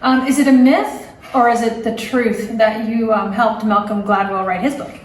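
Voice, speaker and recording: A woman's voice: fairly high pitch, steady tone, normal speed, roomy sound, distant mic, slight background noise, rough recording. A woman interviewing an author in a casual chat, teasing him lightly between questions. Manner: teasing, frequent short backchannels.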